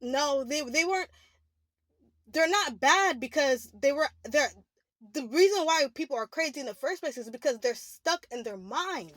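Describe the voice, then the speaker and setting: A young woman speaks in a high voice, rambling through an emotional, candid confession full of "like" and restarts. The sound is dry and close, with no room echo. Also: expressive, moderate pace, fairly bright tone. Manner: rambling, heavy use of "like", restarts. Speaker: spiritual vlogger. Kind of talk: confessional monologue.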